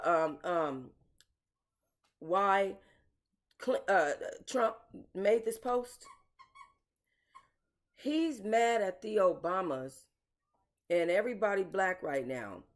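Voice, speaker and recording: A woman hosting casual commentary, talking bluntly and emotionally to her viewers, swearing and calling them y'all. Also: on the low side. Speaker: commentary channel host.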